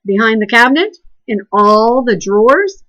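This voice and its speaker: A woman's voice: a little high, sing-song, normal speed, a bit bright. A woman voicing a worried mother in a storybook read-aloud, asking anxious questions.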